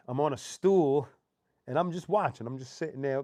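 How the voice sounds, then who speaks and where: Male host, raised pitch, dry close sound; loose, profane, animated storyteller. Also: a little fast, no room sound. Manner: profane, animated anecdote telling with slang. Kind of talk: casual storytelling.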